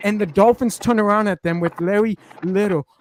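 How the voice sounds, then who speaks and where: A man's voice: high-pitched, a little fast, slight background noise. A man hosting a casual sports podcast, telling long rambling stories full of slang. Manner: rambling, animated storytelling with slang. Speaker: podcast host.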